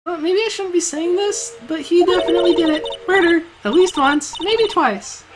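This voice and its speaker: A man's voice: very high-pitched, normal speed, a crowd in the background, pitched above the performer's own voice. A man voicing a spirited, teasing young female sidekick in a fan dub of a video game. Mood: excited. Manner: pushy, teasing. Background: game music.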